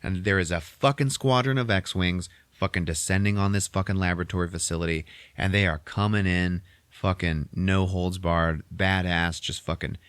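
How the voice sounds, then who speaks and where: Low-voiced man recapping a movie. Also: smooth, no room sound. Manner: animated retelling, heavy swearing, acts out characters in quick voices. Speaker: podcast host retelling a film. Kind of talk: casual profane movie recap.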